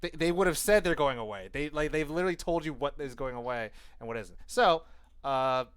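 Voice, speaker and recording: Dude rambling on his podcast, swears a lot, smooth clear voice, dry close sound. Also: fairly high pitch, expressive, fairly quick, fairly bright tone, no room sound. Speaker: podcast co-host. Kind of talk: casual chat.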